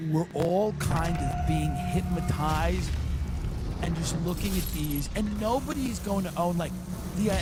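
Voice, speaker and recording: A man riffs through a comedic chat in a rambling, profane way. His voice sits a little high. Loud music plays behind him the whole time.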